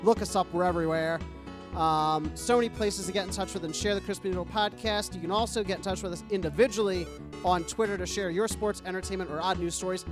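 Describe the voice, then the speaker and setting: A man's voice: sits high, steady tone, fast talker, over music. A man co-hosting a podcast in casual chat, teasing and bantering playfully. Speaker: podcast co-host.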